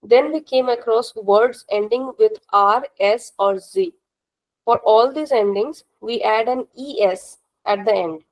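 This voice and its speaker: A woman's voice: fairly high pitch, a little slow, rough recording. A woman teacher, patiently explaining grammar rules during a live online class, repeating points and checking that students follow. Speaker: language teacher.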